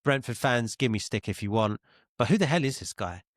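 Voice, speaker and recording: A man's voice: medium pitch, animated, fairly quick, no room sound, clean studio sound. A man co-hosting a football podcast, speaking confidently and emphatically with teasing banter. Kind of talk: casual football podcast chat.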